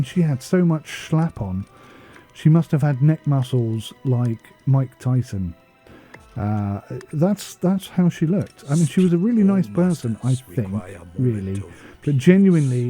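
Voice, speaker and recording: Husky, dark-voiced English man. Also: on the high side. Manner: rambling, goes off on tangents; chatty and self-deprecating. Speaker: gaming channel host. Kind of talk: casual gameplay commentary voice-over.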